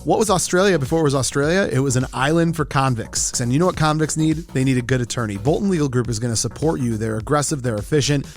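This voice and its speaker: A man hosting a podcast, joking and excitable, reading ad spots quickly in a casual chat. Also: medium pitch, faint music behind. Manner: excitable, joking, reads ads fast. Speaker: podcast host.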